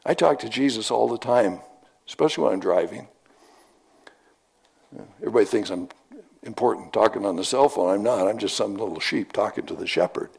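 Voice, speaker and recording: A man's voice: on the low side, lively intonation, fairly quick, gravelly, long pauses, darkish tone, breathy edge. A middle-aged man preaching a sermon in a folksy, conversational storytelling manner, often repeating his phrases.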